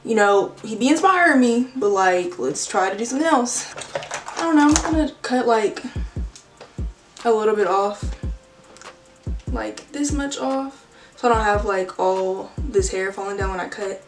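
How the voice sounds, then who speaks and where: A woman's voice: mid-range voice, lively intonation, moderate pace, long pauses, recorded from a distance. A young woman talks casually through a hair tutorial, slangy and loose, leaning on fillers as she works. She sits back from the mic in a roomy space at home. Faint music plays underneath. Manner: chatty, filler-heavy, slangy. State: out of breath. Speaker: beauty vlogger.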